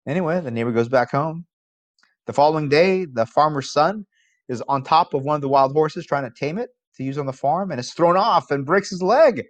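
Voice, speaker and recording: A man's voice: fairly high pitch, fairly quick. Conversational male philosophy professor. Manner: conversational, asks rhetorical questions. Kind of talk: college lecture.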